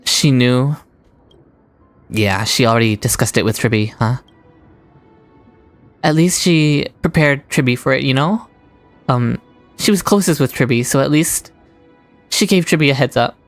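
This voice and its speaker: A woman's voice: low voice, lively intonation, moderate pace, pauses often, soft background music. A woman streaming a story game, reacting emotionally and swearing as she comments. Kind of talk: casual gameplay commentary.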